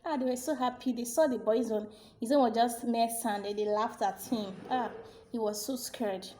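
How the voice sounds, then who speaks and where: A woman narrating a folk tale in an animated, expressive storytelling manner. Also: on the high side, moderate pace, a little hiss or hum.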